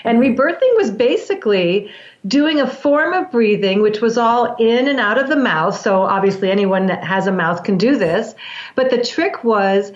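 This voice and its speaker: A woman's voice: on the high side, lively intonation, normal speed. A woman, a breath work practitioner, earnestly explaining her practice in an interview, often restarting her sentences. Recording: echoey, dull lo-fi sound.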